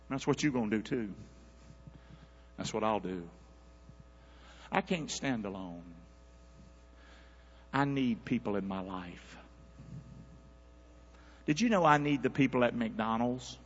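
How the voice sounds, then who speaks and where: A man's voice: mid-range voice, animated, a little slow, long pauses, breathy edge. A male pastor preaching a sermon in a folksy, conversational way, calling out to his church for responses. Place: church sanctuary. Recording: dull audio in a reverberant hall.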